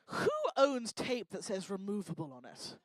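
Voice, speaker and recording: A woman's voice: medium pitch, very animated, moderate pace, dry recording. Woman emceeing on stage, jokey crowd work, lots of swing in her voice. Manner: teasing, joking, chatty. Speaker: event host. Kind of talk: stand-up style crowd work. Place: lecture hall stage.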